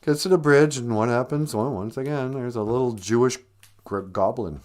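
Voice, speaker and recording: A man's voice: mid-range voice, moderate pace, a little mellow. A man hosting a live-stream podcast, retelling a folktale in a loose, joking, conversational way. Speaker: podcast host and storyteller. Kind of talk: casual humorous folktale retelling.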